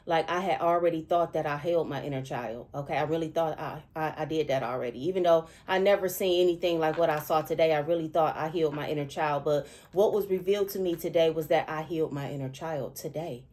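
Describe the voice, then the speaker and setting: A middle-aged woman, a spiritual seer, telling a dream in an emotional, repetitive way and often pausing to ask "okay?". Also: sits low, a little mellow. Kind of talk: spiritual storytelling monologue.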